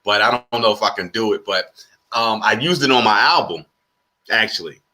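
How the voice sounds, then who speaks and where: Bright-voiced male comedy host. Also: lowish voice, normal speed. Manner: lively, repeats words when starting. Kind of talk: casual chat. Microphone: video call.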